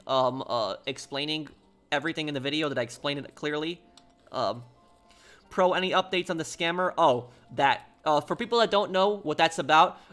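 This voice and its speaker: Casual young male streamer, slightly high voice, talks in loose run-on stories. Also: fairly bright tone. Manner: rambling, many fillers and restarts. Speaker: game streamer.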